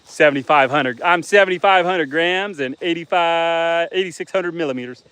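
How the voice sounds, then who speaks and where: A fairly high-voiced middle-aged man from Canada hosts a live stream from his farm. He chats outdoors among his animals in an easygoing, teasing way, and farm animals can be heard behind him. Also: moderate pace, fairly bright tone, clear, resonant tone, no echo, rough recording. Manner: easygoing, chatty, teasing viewers. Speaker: homestead livestreamer. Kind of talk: casual live-stream chat reading viewer comments.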